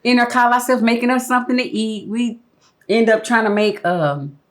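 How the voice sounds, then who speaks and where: A woman from Dallas, chatting casually as a guest over supper, relaxed and folksy. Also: on the high side, moderate pace, slight background noise. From Dallas, Texas. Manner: relaxed, folksy, many mm-hmms. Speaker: guest, dress and wig designer. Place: home kitchen table.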